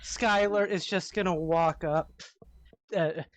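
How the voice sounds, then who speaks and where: Slow-talking man playing a tabletop character. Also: high voice, fairly even intonation, slight background noise. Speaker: player. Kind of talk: tabletop role-play.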